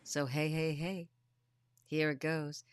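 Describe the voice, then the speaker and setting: A woman's voice: sits low, little pitch movement, takes it slowly, a little hiss or hum. A woman hosting a show, chatting affectionately with a guest and calling her honey and darling. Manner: warm, gushing, calls people honey and darling. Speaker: host. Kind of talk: affectionate casual chat.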